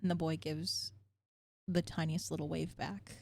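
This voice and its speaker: A young woman narrating as game master, telling the story gently with frequent fillers. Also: low-pitched, flat delivery, a little slow, creaky, dry recording.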